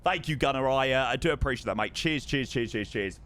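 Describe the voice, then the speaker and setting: A man streaming live over a flight simulator, effusive and excitable, thanking his chat again and again. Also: medium pitch, fairly quick. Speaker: livestreamer.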